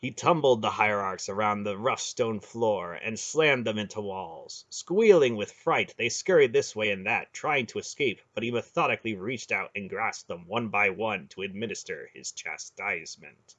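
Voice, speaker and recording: A man narrating a fantasy audiobook in a lively, expressive reading. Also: fairly low pitch, moderate pace, few pauses. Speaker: audiobook reader. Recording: dull lo-fi home recording.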